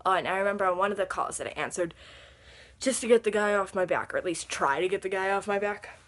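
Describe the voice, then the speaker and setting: Brief: casual vlogger woman, rambling and chatty, bright edge, recorded at home. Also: medium pitch, fast. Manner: rambling, chatty, lots of fillers. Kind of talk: casual storytime vlog. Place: room at home under a lamp.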